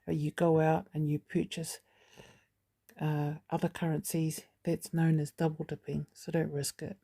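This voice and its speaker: Low gravelly-voiced woman vlogger. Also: level tone, measured pace, dark tone. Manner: chatty, rambling, with frequent asides. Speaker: channel host. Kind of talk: casual vlog update.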